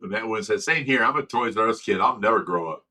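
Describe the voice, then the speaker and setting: A man's voice: fairly low pitch, brisk. A middle-aged man from Ohio hosting a casual livestream, telling stories with a lot of laughter. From Ohio, USA. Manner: laughing, animated storytelling. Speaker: livestream host.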